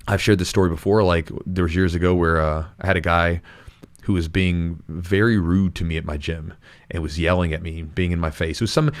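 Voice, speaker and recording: A man hosting a jiu-jitsu podcast, talking in an earnest, rambling way with frequent restarts. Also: fairly low pitch. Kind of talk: casual podcast chat.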